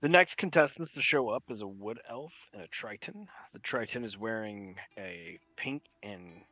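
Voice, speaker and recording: A man running a tabletop game, narrating scenes briskly and in detail. His voice is bright and forward, at a middle pitch. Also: lively intonation, dry recording. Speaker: game master.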